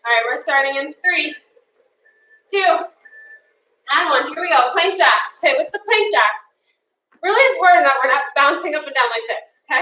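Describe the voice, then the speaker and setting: Bright, high-voiced woman fitness instructor. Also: a little hiss or hum. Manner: upbeat, encouraging, counts down and whoops. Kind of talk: live workout class cueing. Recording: echoey room, voice from a distance.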